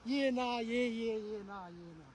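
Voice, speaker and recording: A man's voice: very high-pitched, moderate pace, a little hiss or hum. A man playing a laconic Australian bloke who mumbles and trails off.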